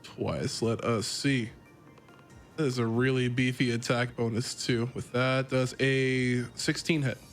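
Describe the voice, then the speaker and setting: A man's voice: mid-range voice, fairly even intonation, unhurried, soft background music. A man playing a tabletop game, thinking aloud as he works out his attacks and rolls. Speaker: player.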